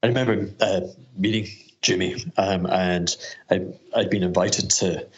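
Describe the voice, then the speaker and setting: A man telling a casual anecdote, chuckling and animated. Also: low voice, unhurried, dull audio. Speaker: recorded guest question.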